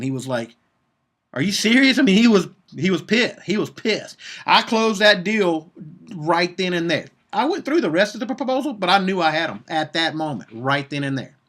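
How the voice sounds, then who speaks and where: A man's voice: on the high side, expressive, moderate pace, a bit bright. A man coaching agency owners in a live video session, blunt and profane, driving his points home with repeated "okay?". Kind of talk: Facebook Live business coaching talk.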